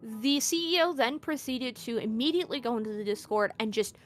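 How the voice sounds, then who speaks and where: A woman with a high voice, casual chat, lively storytelling full of fillers and restarts, faint music underneath. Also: brisk. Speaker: interview guest, VTuber. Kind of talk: casual conversational retelling.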